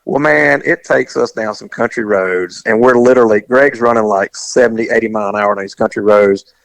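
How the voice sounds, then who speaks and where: A man's voice: on the low side, fairly quick, vocal fry, no echo. A man telling a story in casual chat and acting out the dialogue as he goes. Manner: animated, acts out the dialogue in his story.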